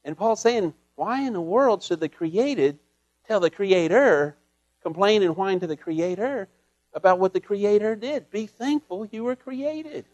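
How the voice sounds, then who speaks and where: A man preaching a sermon in an earnest way, often repeating words as he searches for them, and moving between raised lines and hushed ones. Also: high voice, lively intonation, a little slow, no echo, lo-fi sound.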